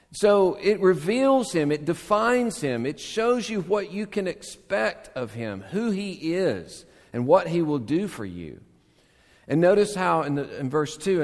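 A male pastor preaches slowly in a church sanctuary, his pitch rising and falling with lively emphasis. He moves between urgent, emphatic calls and soft, hushed lines, and a long reverb hangs behind his words. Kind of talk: sermon.

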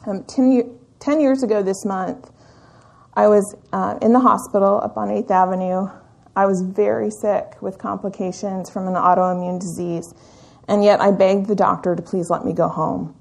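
Woman teaching bible study at church, earnest, thoughtful, steady. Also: mid-range voice, creaky. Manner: earnest, reflective, measured teaching with occasional fillers. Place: church meeting room.

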